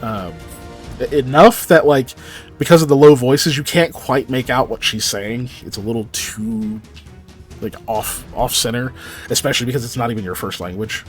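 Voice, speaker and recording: A man narrating as game master for a tabletop game, halting with many ums and likes. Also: mid-range voice. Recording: faint background music.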